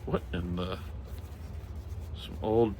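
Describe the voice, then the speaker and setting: In a warm, low-pitched voice with fairly even intonation, a middle-aged comic and pulp collector talks slowly through some hiss or hum. He's casually showing off old pulp magazines, reading the titles aloud and adding wry muttered asides.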